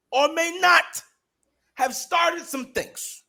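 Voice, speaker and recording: A man's voice: mid-range voice, animated, brisk, a bit bright. Heated, profane man telling a story. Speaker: podcast co-host. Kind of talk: casual storytelling chat.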